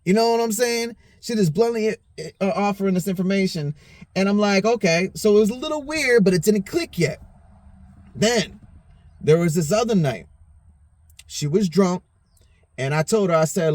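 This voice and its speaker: A man's voice: high voice, animated, moderate pace, pauses often, a little mellow, no room sound, studio quality. A slightly tipsy man hosting a podcast, rambling through a personal story with lots of swearing and constant "you know what I'm saying". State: a little tipsy. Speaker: podcast host. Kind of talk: casual storytelling monologue.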